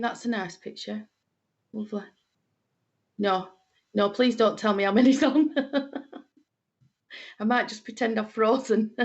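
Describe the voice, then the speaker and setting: On a muffled recording, a mid-range female voice belongs to a middle-aged medium with a Lancashire accent. She welcomes her livestream audience in a cosy, talkative style peppered with fillers.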